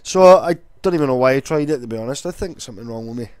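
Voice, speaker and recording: A man's voice: mid-range voice, animated, racing, darkish tone, dry recording. A young man chatting casually and rambling on, swearing now and then. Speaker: vlogger. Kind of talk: casual vlog talk.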